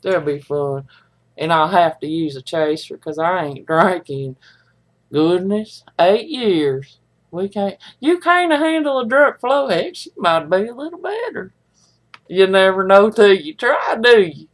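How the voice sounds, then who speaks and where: Her voice on the low side, a middle-aged woman speaks a little slowly but with animation. She rambles in a folksy way while chatting with her live viewers.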